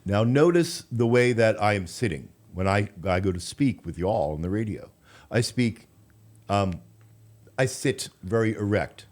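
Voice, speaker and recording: A deep-voiced man hosts a local radio talk show. He is chatty and full of advice, and his words tumble and repeat as he goes. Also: lively intonation, normal speed, a little mellow. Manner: chatty, coaching, trips over his words. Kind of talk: casual radio interview chat.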